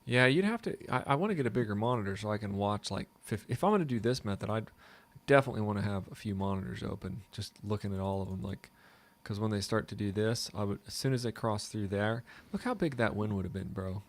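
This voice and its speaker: A man's voice: lowish voice, fast. A man co-hosting a casual chat, joking and thinking aloud. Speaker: co-host.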